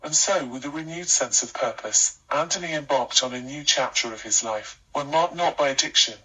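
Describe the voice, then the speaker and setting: A man narrating a scripted life story with a steady, even storytelling delivery. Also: mid-range voice, normal speed, slightly rough, recorded from a distance, poor audio.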